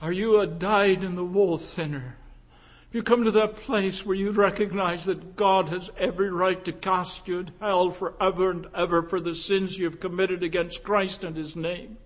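A man preaching a sermon, asking rhetorical questions and swelling from hushed tones to fervent emphasis. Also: sits high, fairly even intonation, normal speed. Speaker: pastor.

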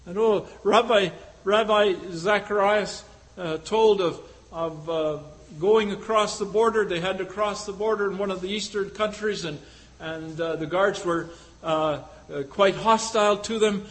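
High-voiced male preacher telling a story. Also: unhurried, low-quality recording. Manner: storytelling with rhetorical questions and frequent hesitations. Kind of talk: sermon.

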